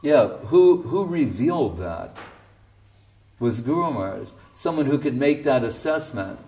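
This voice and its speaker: A man's voice: medium pitch, big pitch swings, a little slow, a little mellow. Guy preaching, emphatic storyteller, mid voice, a bit far from the mic. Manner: emphatic, storytelling, often laughing. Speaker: spiritual teacher. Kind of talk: sermon.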